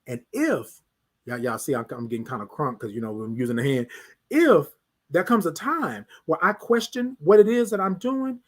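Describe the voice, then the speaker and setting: A man with a high, husky voice hosts a live stream from his home. His pitch swings widely as he preaches, circling back to the same rhetorical questions again and again. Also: very animated, normal speed, a bit bright. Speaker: host of a live talk stream. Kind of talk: motivational live-stream talk.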